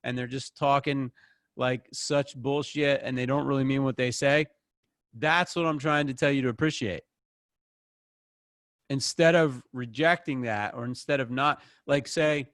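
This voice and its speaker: A man's voice: medium pitch, a little slow, a bit bright, no echo, studio quality. A man leading a group session over a video call, talking in a casual, rambling, encouraging way.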